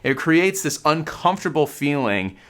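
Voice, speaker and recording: A man's voice: fairly high pitch, big pitch swings, moderate pace. A man hosting a casual guitar lesson, explaining in a conversational way while demonstrating on his guitar. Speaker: guitar teacher and channel host.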